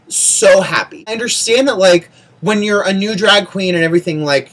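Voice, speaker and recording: A vlogger chatting casually through a TV show recap, gushing and ranting by turns, sprinkling in "like" and repeating words in quick runs. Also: medium pitch, expressive, fairly bright tone.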